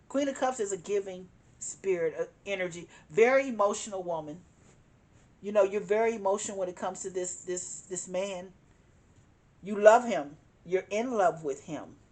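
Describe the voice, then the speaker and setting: A woman's voice: medium pitch, measured pace, long pauses, a little mellow. Emphatic woman giving a tarot reading. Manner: emphatic, repeats herself, chuckles. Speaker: tarot reader.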